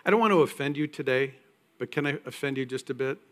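A man preaching a sermon in a church, conversational and emphatic with quiet asides. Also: medium pitch, fast. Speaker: pastor. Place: church sanctuary.

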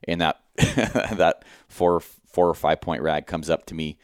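A man with a low, smooth, resonant voice recounts a hunt to his podcast co-host in relaxed chat. He swears freely and acts out his own inner thoughts. The sound is close and dry. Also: slow, dry recording. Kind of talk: casual hunting story.

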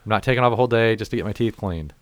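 A young man, low and smooth, tells a story on his podcast. He swears freely and acts out the other people in the tale. The sound is close and dry, with no room in it. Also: rapid-fire, no echo. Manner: profane, animated storytelling with acted quotes. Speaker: podcast host. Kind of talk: casual chat, storytelling.

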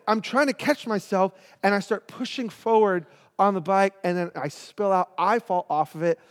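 Middle-aged male pastor, storytelling sermon, higher voice, long reverb of a big room. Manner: animated, acts out voices in his story.

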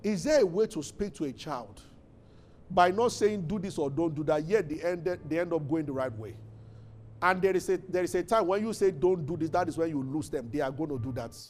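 A man's voice: a little high, a little fast, a little mellow, a little hiss or hum. A man preaching a fervent sermon as pastor, building to emphatic declarations.

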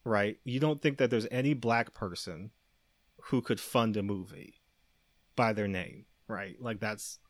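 Animated man in casual podcast chat. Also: unhurried, no echo. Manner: animated, laughing, rising pitch when worked up. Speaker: podcast host.

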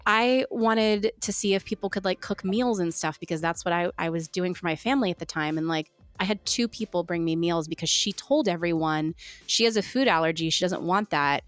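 A woman's voice: fairly low pitch, brisk, no echo. A woman co-hosting a podcast, telling a personal story candidly in casual chat and quoting what others said. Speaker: podcast co-host sharing her story.

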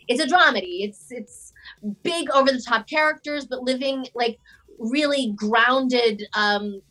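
A woman with a fairly high voice chats as an interview guest, full of fillers, likes and restarts. She speaks over a video call, loose and talkative. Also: unhurried, bright, forceful tone, low-quality recording. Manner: chatty, many fillers and restarts. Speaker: actress, guest. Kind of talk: casual interview chat.

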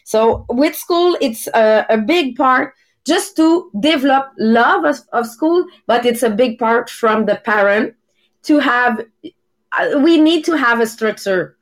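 A woman's voice: fairly high pitch, expressive, slow pace. A woman, hosting a live podcast and searching for her English words. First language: French. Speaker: podcast host. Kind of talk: casual live podcast talk. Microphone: video call.

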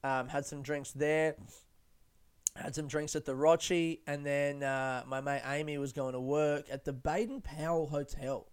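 A man's voice: a little high, steady tone, measured pace, clear, resonant tone. A young man hosting a casual solo podcast, rambling, swearing and poking fun at himself. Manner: rambling, sweary and self-mocking. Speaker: podcast host.

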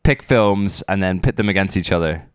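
A man hosting a casual podcast with friends, playful and self-deprecating, with bursts of excitement. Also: deep voice, normal speed, smooth, no echo, clean studio sound. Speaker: podcast host. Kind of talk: casual chat.

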